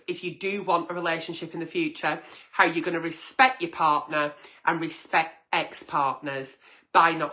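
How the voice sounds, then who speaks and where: On a late-night agony-aunt stream, a woman host reads out viewer letters and answers them bluntly and frankly, swearing freely. Her voice is on the low side, with a sharp tone.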